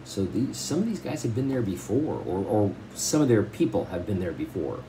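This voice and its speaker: A man reading a novel aloud and stopping to explain it in relaxed, plain asides. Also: lowish voice, normal speed, background noise.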